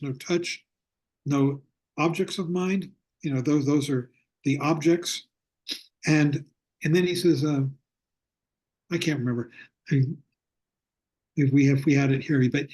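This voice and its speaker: An older man with a husky, slightly breathy voice that sits a little high for a man. He teaches a Buddhist class over a video call in a reflective, unhurried way and slows down to stress his points. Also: a little mellow. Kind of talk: online lecture with storytelling.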